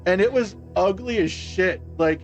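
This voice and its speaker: A man's voice: sits high, unhurried, muffled recording. A man on a live stream telling a personal story in a rambling, casual way, full of "like" and restarts and some swearing. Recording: faint music behind. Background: faint music.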